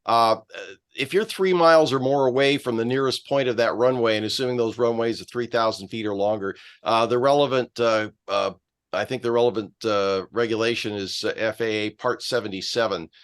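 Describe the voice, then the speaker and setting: Halting man sharing on a call. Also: medium pitch, clean tone. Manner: halting, searching for words with many fillers. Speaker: participant. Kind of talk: casual Q&A on a video call. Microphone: video call.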